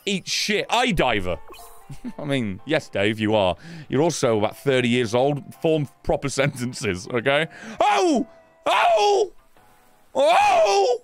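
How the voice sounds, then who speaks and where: With soft music behind him, a gaming streamer in his thirties speaks a little slowly in a medium-pitched, sing-song voice. He delivers sweary live commentary and rants at the game out of exasperation.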